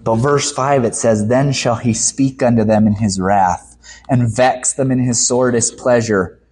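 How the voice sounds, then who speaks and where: A man preaching a sermon with emphasis, his voice rising high for the voices he quotes and dropping low when he reads scripture. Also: unhurried, a little mellow, a little hiss or hum.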